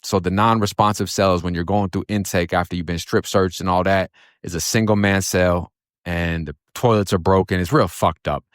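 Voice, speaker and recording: A man from Florida with a very low voice tells his story in blunt, profane, streetwise talk. The sound is dry and close, with no room around it. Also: fairly even intonation, normal speed, no room sound. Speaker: storyteller recounting his own past. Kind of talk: casual spoken storytelling.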